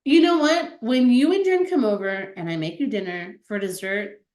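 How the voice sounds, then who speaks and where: Brief: animated, chatty female co-host with a fairly high voice, heard over a roomy video call. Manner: animated and chatty, quick to laugh. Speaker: stream co-host. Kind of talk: casual chat.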